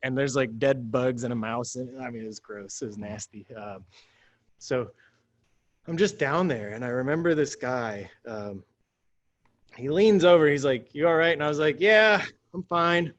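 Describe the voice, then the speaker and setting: A man at an everyday middle pitch tells a story as a talk-show guest. He is animated and laughs often, and he breaks into acted-out voices for the people in his story. The delivery stays loose and conversational. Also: normal speed, lo-fi sound. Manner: animated, laughs often, acts out quoted lines. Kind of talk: casual storytelling.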